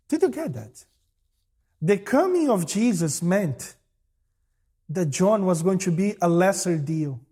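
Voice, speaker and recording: A man preaching a sermon in a husky voice that sits high and swings widely in pitch. He speaks slowly and acts out the voices of the people he quotes. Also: big pitch swings, warm tone. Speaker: pastor.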